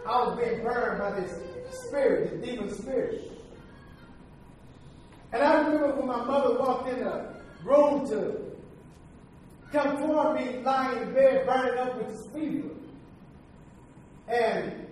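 High pitched preacher guy, chanty repeat-after-me style, big echo, far off mic. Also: a little slow, long pauses, slight background noise. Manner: call-and-response, chanting cadence; storytelling, emphatic repetition. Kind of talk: sermon. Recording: echoey hall from far off.

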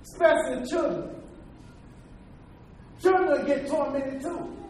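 This preacher's voice is very high and unhurried, heard from a distance in an echoey hall over slight background noise. His sermon leans on emphatic repetition, long stories and chanted call-and-response with the congregation.

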